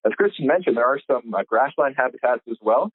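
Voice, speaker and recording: A man, a biologist, explaining things in a measured way with frequent pauses on a conference call. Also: medium pitch, lively intonation, husky, no room sound. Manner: measured, hesitant fillers. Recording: tinny phone line, dry.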